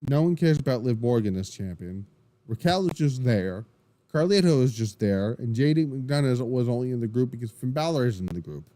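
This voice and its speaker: A man hosting a wrestling podcast, recapping the show in an excitable, rambling way, full of restarts and swearing. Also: mid-range voice, brisk. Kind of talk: casual solo recap.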